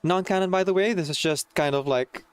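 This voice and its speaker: A man's voice: high voice, brisk, clean tone. A young man talks casually to his stream audience, reading comments aloud and musing about a game. He sounds a little nervous but chatty, with faint music playing under his voice. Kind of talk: casual live-stream chat.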